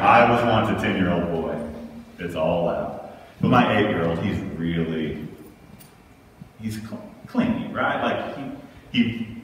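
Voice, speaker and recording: A man's voice: low voice, a little hiss or hum. A man in his thirties from Texas, preaching a sermon in a conversational way and often checking in with "right?". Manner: conversational, keeps asking "right?". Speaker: pastor. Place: large church sanctuary. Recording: echoey hall, mic far off.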